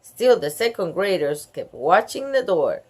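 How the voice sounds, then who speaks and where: A woman reading a children's book aloud, adding excited gasps and comments. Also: fairly low pitch, unhurried, breathy edge. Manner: animated, gasping and laughing asides. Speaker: storybook reader.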